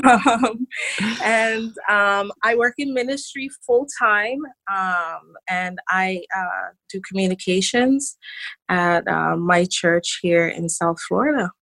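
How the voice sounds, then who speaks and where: A woman's voice: mid-range voice, fairly bright tone, dry recording. Caribbean-accented woman, easygoing podcast guest. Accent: Kittitian Caribbean. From Saint Kitts. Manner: easygoing, halting with fillers, laughs often. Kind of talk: casual podcast conversation.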